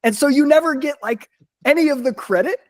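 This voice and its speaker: A man with a high, light voice leads a loose podcast conversation, teasing his friend and laughing as he goes. His voice sounds close and dry, with hardly any room around it. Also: fairly quick, no echo. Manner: animated, teasing, laughs often. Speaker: podcast host. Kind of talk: casual chat.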